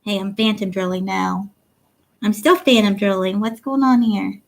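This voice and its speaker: Reading viewer comments aloud and laughing often, a chatty, giggly livestream host from Ohio speaks at normal speed. Her voice is mid-range and creaky, with fairly even intonation, and the recording is rough.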